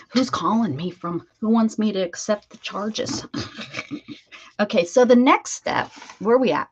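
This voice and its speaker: A woman's voice: medium pitch, lively intonation, unhurried, husky. A woman, casually chatting and rambling as she crafts, often correcting herself mid-sentence. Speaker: crafting channel host. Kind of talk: casual chat while crafting. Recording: dull lo-fi audio, faint noise.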